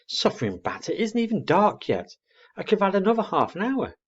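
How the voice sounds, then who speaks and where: A man voicing a grumpy, sleepy father barn owl who talks in a gruff, grumbling way. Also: high-pitched, huge pitch swings, a little fast, highs cut off, pitched above the performer's own voice, full character voice.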